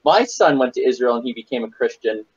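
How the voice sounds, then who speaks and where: A man's voice: mid-range voice, husky. Guy on a late-night group call, fumbles his setups, slightly muffled sound. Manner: halting, restarts, loose joke delivery. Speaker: podcast regular telling jokes. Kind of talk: casual group chat, telling jokes.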